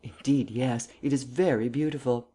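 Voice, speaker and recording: A narrator doing a mild young English gentleman. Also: mid-range voice, moderate pace, close to an everyday voice. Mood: polite. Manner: wry, musing, polite.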